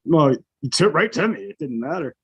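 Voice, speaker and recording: A man's voice: fairly high pitch, big pitch swings, brisk, dull audio, a crowd in the background. A middle-aged man, a podcast co-host, telling a profane story in casual chat and acting out the people in it.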